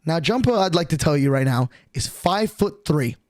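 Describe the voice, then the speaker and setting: A young man with a high, bright voice tells a story on his stream, swearing freely and slipping into little voices for the people in it. He talks close to the mic, and the sound is dry and tight with no room around it. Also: moderate pace, no echo. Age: young adult. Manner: excitable, profane storytelling with voiced quotes.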